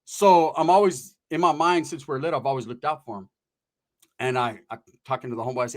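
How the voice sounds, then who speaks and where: A man's voice: mid-range voice, fast. A man telling a long story in casual, profane street slang. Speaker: podcast storyteller.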